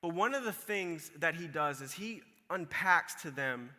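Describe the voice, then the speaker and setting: Bright, lively young-sounding male preacher. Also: a little high, measured pace, big-room sound. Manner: casual, animated storytelling with quoted voices. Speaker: pastor. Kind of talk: sermon.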